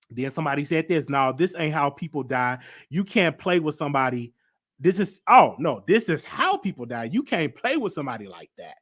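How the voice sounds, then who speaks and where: An American man hosts a live online show, speaking casually and with emphasis, repeating himself and reading viewer comments aloud. His voice sits on the high side.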